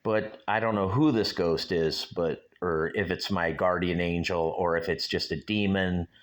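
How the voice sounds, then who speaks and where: A man in his sixties hosts his own show, talking directly to viewers in a loose, rambling way as he muses aloud in a casual solo vlog. His voice is low-pitched, with fairly even intonation and a measured pace.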